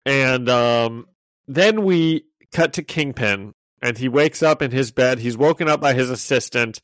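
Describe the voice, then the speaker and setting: A man's voice: mid-range voice, unhurried, fairly bright tone, no echo. Man recapping comics with laughs, dry mic. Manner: chatty, laughing, frequent restarts. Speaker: podcast co-host recapping comics. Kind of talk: casual chat.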